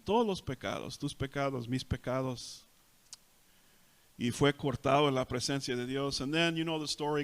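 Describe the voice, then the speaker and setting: A man with a Texas Spanish accent preaches in a church sanctuary, saying each line in Spanish and then in English. His voice sits a little high for a man. He pushes louder when he drives a point home. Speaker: pastor. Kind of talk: bilingual sermon.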